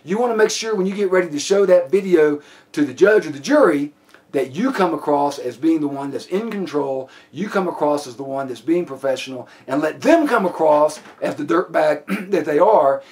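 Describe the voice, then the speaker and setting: A man's voice: a little high, expressive, moderate pace, darkish tone. A man lecturing a police training class, plainspoken and given to restarts and repeated words. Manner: plainspoken, many restarts and fillers.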